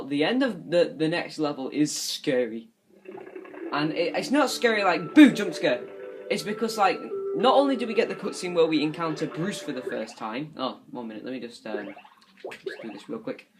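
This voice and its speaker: A man's voice: a little high, a little hiss or hum, low-quality recording. A young man in his twenties giving casual, rambling gameplay commentary, chatty and swearing now and then. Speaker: gaming commentator. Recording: game music playing behind.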